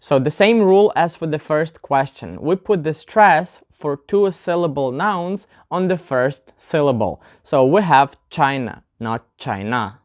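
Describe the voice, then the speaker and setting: A woman's voice: low-pitched, animated, unhurried, few pauses, darkish tone. A woman giving a casual online English pronunciation lesson, chatty and talking straight to viewers, demonstrating word stress aloud. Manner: chatty, often addresses viewers as "guys".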